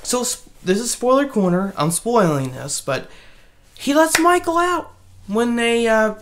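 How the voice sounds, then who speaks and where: A woman giving a casual spoken movie review, rambling and animated, with many restarts. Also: a little high, takes it slowly, long pauses, a little hiss or hum.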